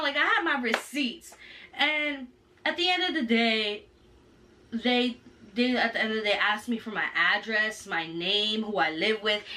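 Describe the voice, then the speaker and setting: A woman telling a story in a casual vlog, animated and full of slang. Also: a little high, recorded from a distance. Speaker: vlogger.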